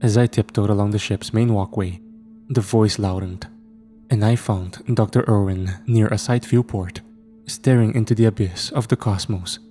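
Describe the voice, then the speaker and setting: Horror narrator, male, low mellow voice, steady ominous delivery. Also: faint music behind. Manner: measured, ominous. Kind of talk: scripted narration.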